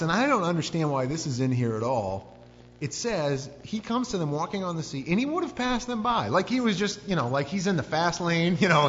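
A man preaching a sermon, telling the story with lively acted-out voices and screams. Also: fairly high pitch. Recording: dull lo-fi sound with long hall reverb and faint hum.

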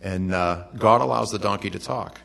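Middle-aged male pastor, lowish voice, conversational sermon delivery with animated asides. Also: moderate pace, vocal fry.

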